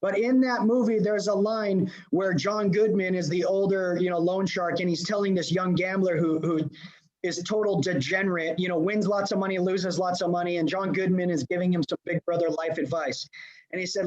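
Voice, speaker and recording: High-voiced guy from LA hyping up a room, remote coaching talk, kinda muffled lo-fi audio. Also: normal speed. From Los Angeles. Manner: energetic, addresses audience directly. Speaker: leadership coach. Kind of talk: motivational seminar talk. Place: remote presentation to a live room. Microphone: video call.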